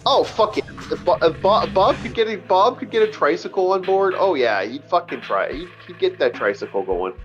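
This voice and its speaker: A man's voice: high-pitched, lively intonation, moderate pace, hardly any pauses, muffled recording, soft background music. A man hosting a casual gaming chat, rambling and swearing with many stumbling restarts. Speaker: let's play host. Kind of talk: casual chat over gameplay.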